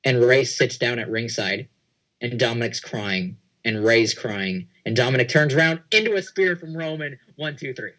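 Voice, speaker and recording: A man on a casual podcast, telling a long scenario in excited play-by-play. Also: medium pitch, normal speed, poor audio. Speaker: podcast panelist.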